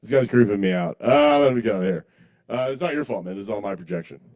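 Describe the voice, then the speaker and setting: A man's voice: on the low side, lively intonation, quick pace, darkish tone. Open-mic comic, male; rambling, self-mocking, chuckles at his own bits, live in a small bar. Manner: rambling, self-deprecating, apologizes to the crowd. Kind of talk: live stand-up comedy.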